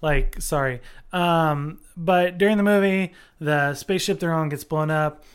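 A man's voice: a little high, a little slow, clean tone. A man co-hosting a podcast, rambling casually with lots of fillers, restarts and swearing. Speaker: podcast co-host. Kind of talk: casual chat.

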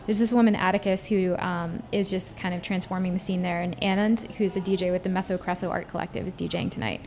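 A woman's voice: lowish voice, fairly even intonation, fast talker, darkish tone. A woman co-hosting a radio show, upbeat and eager as she recommends an event. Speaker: radio co-host. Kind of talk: casual radio chat.

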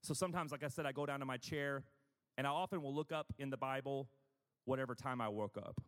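Male preacher, mid-pitched, casual self-deprecating delivery with asides, long hall reverb. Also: fast talker, a bit bright. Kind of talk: conversational sermon.

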